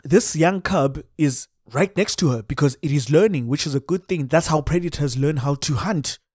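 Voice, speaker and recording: A man with a South African accent telling a comic story in an animated way, dropping in Xhosa exclamations. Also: a little high, normal speed, slightly rough, no echo, studio quality.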